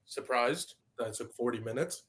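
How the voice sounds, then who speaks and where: A man's voice: mid-range voice, moderate pace, a bit bright, breathy edge. A young man co-hosting a casual podcast chat, giving blunt, offhand opinions. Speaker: co-host.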